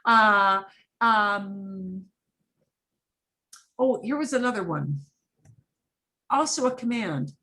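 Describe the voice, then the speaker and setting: Middle-aged female Spanish teacher, lively pitch, unhurried delivery, acts out examples. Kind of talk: online class lesson.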